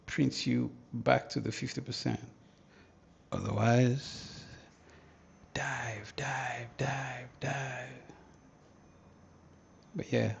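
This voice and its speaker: A man's voice: medium pitch, creaky, darkish tone, slightly rough, highs cut off. A man hosting a live market analysis lesson, talking casually in slang and thinking aloud as he goes. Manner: slangy, thinks aloud, hums and mutters to himself. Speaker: trading educator, livestream host.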